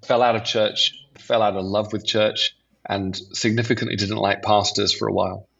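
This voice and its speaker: A man's voice: fairly low pitch, little pitch movement, normal speed, gravelly, a bit bright, breathy edge. A middle-aged man with an English accent, a pastor guesting on a podcast and telling self-deprecating stories in casual conversation. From England. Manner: self-deprecating, anecdotal storytelling. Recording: slightly dull lo-fi audio.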